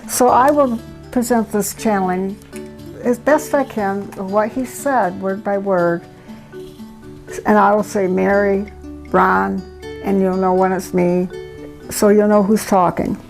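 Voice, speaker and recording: An older woman, host of her channel, reading aloud in an earnest, gentle, emotional way. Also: medium pitch, fairly even intonation, slow pace, gravelly, long pauses, soft background music, low-quality recording.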